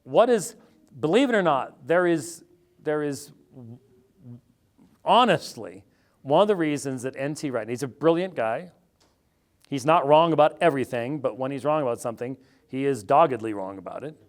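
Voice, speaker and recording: Animated American man, wry and digressive. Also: medium pitch, moderate pace. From United States. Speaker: theologian guest. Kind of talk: conversational interview answer.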